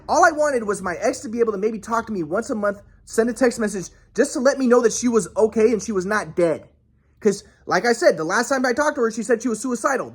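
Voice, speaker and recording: A man's voice: high-pitched, breathy edge. A young man telling a personal story in an agitated, rambling way, cursing often and restarting his sentences. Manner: agitated, profane, many restarts.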